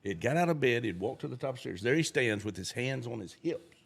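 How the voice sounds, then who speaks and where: A man's voice: medium pitch, animated, fast, vocal fry, slightly rough. A middle-aged man telling stories in a folksy, casual way, acting out the voices of the people in them. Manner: acts out voices in his stories. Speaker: guest storyteller. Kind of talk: casual storytelling.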